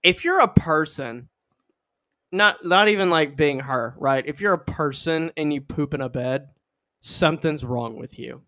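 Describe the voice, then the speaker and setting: A man's voice: fairly high pitch, sharp tone. A young man co-hosting a podcast in casual comedic chat, joking, laughing often and acting out little scenes. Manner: joking, acts out scenes with quick voices, laughs a lot. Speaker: podcast co-host.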